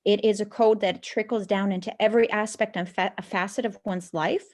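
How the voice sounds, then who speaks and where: A woman from a former communist country giving a formal public comment at a meeting, pausing to search for words. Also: medium pitch, steady tone, a little mellow.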